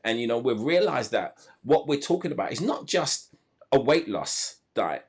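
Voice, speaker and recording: A man's voice: medium pitch, sing-song, normal speed, breathy edge. A man hosting a live health podcast over a video call, talking enthusiastically and often restarting his sentences. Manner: enthusiastic, many restarts and fillers. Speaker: podcast host.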